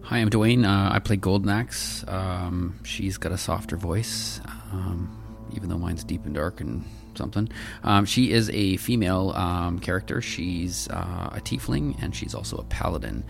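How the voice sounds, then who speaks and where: A tabletop player speaks in casual chat with a deep, gravelly voice. He halts often and leans on fillers. Music plays clearly behind him. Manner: halting, many fillers.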